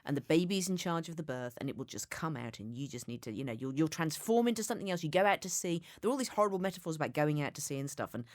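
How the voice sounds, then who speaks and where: Animated woman telling stories frankly. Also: sits low, racing, hardly any pauses, no echo, studio quality. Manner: candid, self-deprecating, animated storytelling. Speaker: podcast guest. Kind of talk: casual conversation.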